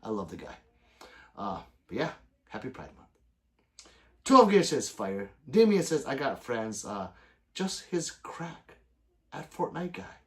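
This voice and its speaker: A man hosting a casual livestream, reading viewer comments aloud, joking and swearing freely with loud sudden outbursts. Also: mid-range voice, sing-song, a little slow, long pauses. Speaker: gun channel livestream host.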